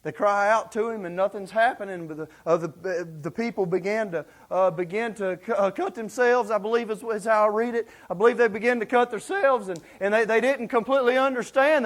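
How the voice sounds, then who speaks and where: A man preaching a sermon in a folksy, excitable storytelling way, with many fillers, acting out the lines of the people in the story. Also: high voice, a little fast, hardly any pauses.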